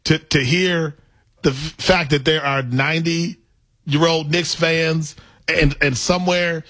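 A man's voice: on the high side, steady tone, slow, a bit bright, no echo. A man hosting a sports radio talk show, chatting with enthusiasm and taking calls. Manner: enthusiastic, conversational.

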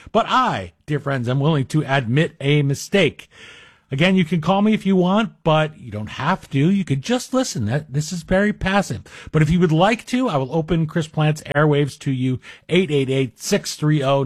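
A middle-aged man of Greek heritage guest-hosts a talk radio show, giving a chatty monologue laced with wry, self-deprecating asides. His slightly rough voice is on the high side, captured on a studio microphone without echo.

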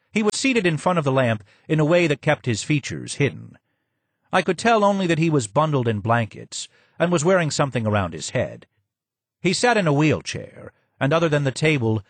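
A man's voice: mid-range voice, dry recording. Man narrating an audiobook, dry. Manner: steady, measured storytelling. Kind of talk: scripted first-person narration.

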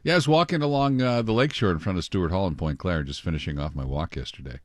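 Male radio host, very low voice, dry close-miked studio sound, chatty and rambling. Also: quick pace, no echo. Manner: chatty, rambling, reads weather and news aloud. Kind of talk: casual morning radio chat.

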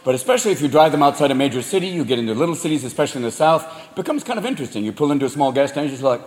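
A man doing a profane stand-up routine, switching rapidly between voices. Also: a little high, expressive, slight background noise. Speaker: stand-up comedian. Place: live comedy venue. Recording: echoey live venue, loud crowd.

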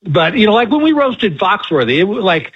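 A man's voice: high voice, big pitch swings, a little fast, breathy edge, lo-fi sound. A man, a guest comedian, telling folksy, self-deprecating stories in a radio interview.

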